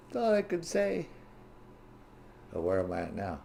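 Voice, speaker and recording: A man's voice: deep voice, huge pitch swings, normal speed, creaky, mellow, slight background noise. A man streaming a video game and ranting in heavy profanity while he plays, laughing often. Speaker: gaming streamer. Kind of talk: casual gameplay commentary.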